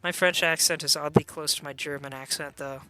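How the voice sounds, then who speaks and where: A man's voice: a little high, fairly even intonation, fairly quick, pushed and bright, faint music behind. A man casually commentating a video game stream, chatty with meandering asides.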